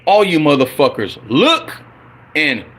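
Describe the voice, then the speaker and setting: A man ranting on a livestream about his football team, profane and heated, swinging between loud outbursts and low grumbling. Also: wildly swooping pitch, slow, husky. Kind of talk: angry unscripted livestream rant.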